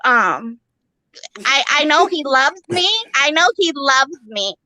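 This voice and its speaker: A woman's voice: high voice, expressive, takes it slowly, bright, forceful tone, dry recording, poor audio. A young woman doing a stand-up set, profane, rambling and brash. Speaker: stand-up comic.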